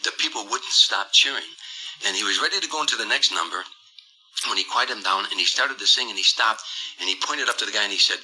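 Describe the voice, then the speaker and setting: An older man with a low-pitched voice tells a vivid story in an interview, acting out each quote with relish. His tone is very bright and forward. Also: fast, slightly rough, faint music behind, rough recording. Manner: vivid, dramatic storyteller who acts out quotes. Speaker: performer recounting a tour.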